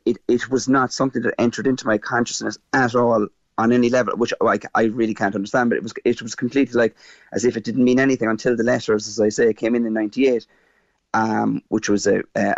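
Cork irish guy in his 50s, chatty and halting, slightly muffled dry sound. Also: medium pitch, no echo. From Ireland. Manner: animated, halting with fillers and restarts. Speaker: guest. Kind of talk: casual interview storytelling.

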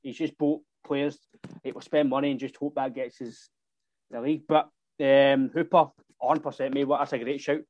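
Host, rambling, dry close mic. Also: male voice, mid-range voice, steady tone, moderate pace, darkish tone, dry recording, muffled recording. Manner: rambling, with many fillers and restarts. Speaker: podcast host. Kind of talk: casual chat.

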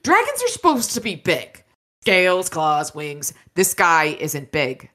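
A woman's voice: lowish voice, huge pitch swings, unhurried, bright, forceful tone, heavily acted. A woman reading aloud as a snarky, wisecracking young male wizard detective. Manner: wisecracking, sarcastic.

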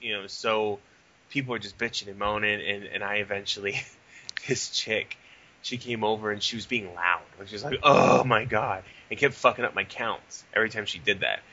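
Profane, animated young podcast host, man. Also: fairly low pitch, fairly quick, highs cut off, a little hiss or hum. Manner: profane, animated storytelling with quoted dialogue. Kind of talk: casual podcast chat.

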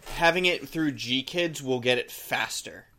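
A man's voice: medium pitch, measured pace, bright, forceful tone. A man co-hosting a casual podcast, giving opinions in a rambling way with many restarts. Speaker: podcast co-host. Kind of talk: casual chat.

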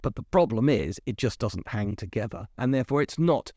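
A man's voice: medium pitch, lively intonation, brisk, darkish tone, breathy edge, no room sound. Guy ranting casually about a show, dry close sound, asks himself questions. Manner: opinionated, chatty, rhetorical questions. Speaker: podcast host reviewing a series. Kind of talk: casual spoken review.

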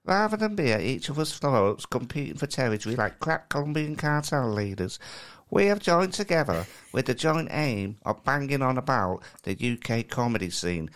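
A man's voice: very animated, fairly bright tone. A man doing a wobbly West Country impression. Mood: mock formal. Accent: attempted West Country, drifting northern. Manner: raised pitch, slow mock-formal delivery. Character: his West Country co-host, a middle-aged man.

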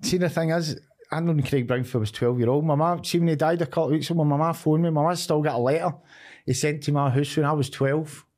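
A man's voice: on the high side, fairly even intonation, fast, darkish tone. Frank Glaswegian man, middle-aged. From Scotland. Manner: frank, swears a lot, often says "you know what I mean". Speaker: podcast guest. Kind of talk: candid conversation.

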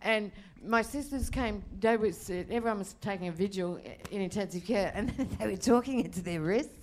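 A woman's voice: medium pitch, moderate pace. A woman in her fifties, a comedian telling crude stories with lots of laughter on a live podcast. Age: 50s. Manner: laughing, crude, animated storytelling. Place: bar with a live audience.

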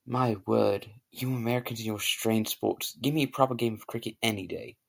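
A man voicing a pompous British gentleman who works in finance, with a put-on British accent and a prim, old-fashioned manner. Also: on the low side, fairly even intonation, brisk, creaky, breathy edge.

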